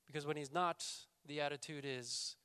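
A male pastor preaching a sermon, raising his voice for scripture quotes and dropping low and quiet for emphasis. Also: steady tone, normal speed, clean tone, dry recording. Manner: reads scripture quotes with raised voice, then drops to quiet emphasis.

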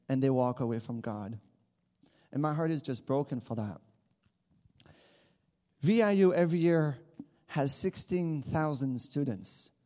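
A man's voice: a little high, darkish tone, long reverb tail. A man in his thirties from Quebec with a Quebec French accent, a native French speaker giving an earnest church talk as a campus missionary. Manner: earnest, with many restarts.

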